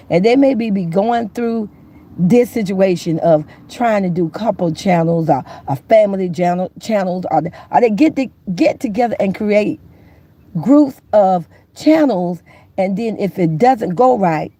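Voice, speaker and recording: A woman's voice: mid-range voice, expressive, normal speed, warm tone. A woman hosting her own live stream, chatting folksily with viewers and greeting them by name. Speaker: YouTube commentary host. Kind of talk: live-stream chat talk.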